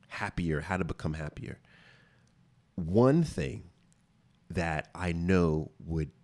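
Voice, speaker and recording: A man with a very low voice hosts an advice podcast from a studio. He talks casually but with emphasis and circles back to repeat his main points. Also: darkish tone. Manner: emphatic, repeats key phrases for stress. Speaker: podcast host.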